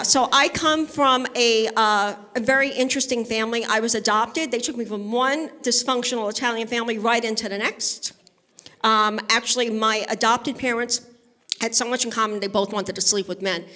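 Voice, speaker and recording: Her sharp, somewhat high voice carries a brash, chatty stand-up routine at a live benefit event. The comedian, a woman from Brooklyn, New York, trades bawdy stories and works the crowd from the stage.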